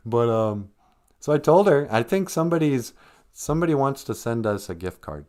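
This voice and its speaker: A man's voice: mid-range voice, animated, normal speed, a little mellow. A middle-aged man hosting a comedy live stream, rambling through jokes and language lessons with playful asides.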